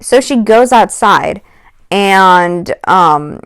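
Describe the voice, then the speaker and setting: A woman's voice: mid-range voice, lively intonation, very slow, a bit bright, clean tone, no echo, studio quality. A woman vlogging a casual storytime, rambling with lots of "like" and "um" and exasperated asides. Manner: rambling, heavy on "like" and "um".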